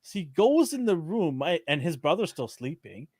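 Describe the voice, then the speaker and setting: A podcast co-host tells a story in a casual chat, animated and laughing as he acts out the quotes. His voice is a little high and his pace moderate, with clean studio sound and no room noise.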